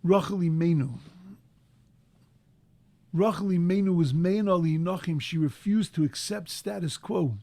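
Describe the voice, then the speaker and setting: A man giving a sermon as a rabbi, impassioned, rising to loud emphatic peaks, mixing in Hebrew terms and translating them. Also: sits high, unhurried, vocal fry, long pauses, dry recording.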